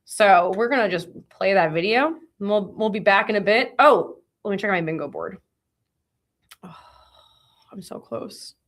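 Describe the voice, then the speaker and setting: A woman's voice: mid-range voice, lively intonation, normal speed, few pauses. A woman co-hosting a live stream, chatty and bubbly, often laughing. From Boston area. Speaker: livestream co-host. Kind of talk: casual live-stream chat.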